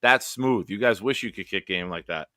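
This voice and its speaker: A man's voice: on the low side, normal speed, bright, forceful tone, no echo, clean studio sound. A man hosting a casual live stream over a video call, joking around and directing his co-host with crude humor. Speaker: show host.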